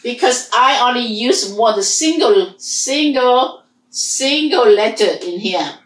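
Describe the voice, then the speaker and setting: A woman leads a language lesson, drawing out each sound and saying words again and again for her students. Her voice sits a little high and her delivery is very slow. The recording has a roomy echo. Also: lively intonation, a bit bright, far from the mic. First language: Hmong. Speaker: language teacher.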